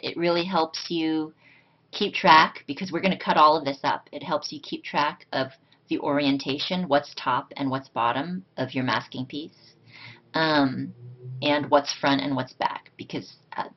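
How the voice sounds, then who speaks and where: A woman's voice: low voice, dull audio, slight background noise. A woman hosting a card-making tutorial, talking in a reflective, casual way with frequent ums. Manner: reflective, many ums, soft-spoken.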